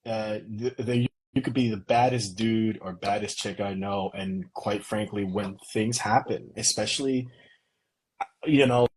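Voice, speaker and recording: Husky-voiced man hosting a casual podcast. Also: lowish voice, a little slow, low-quality recording. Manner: rambling, laughs often, animated storytelling. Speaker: podcast host. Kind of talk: casual chat.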